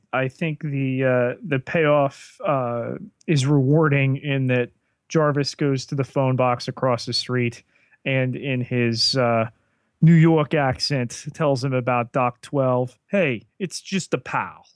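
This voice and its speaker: A man co-hosting a podcast, recapping a TV episode in a measured way with frequent fillers. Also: medium pitch, fairly even intonation, clear, resonant tone, no room sound. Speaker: podcast co-host.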